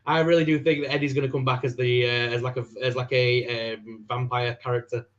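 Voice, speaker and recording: A man's voice: medium pitch, little pitch movement, a little fast, dull audio. A man co-hosting a casual live-stream chat, rambling with lots of fillers. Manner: rambling, many fillers and restarts. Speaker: co-host, toy reviewer. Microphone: video call.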